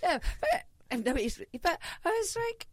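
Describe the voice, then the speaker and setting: A woman's voice: extremely high pitch, very animated, moderate pace, noisy background. A woman from Britain, a podcast guest and business founder, chatting casually, laughing often and acting out dialogue.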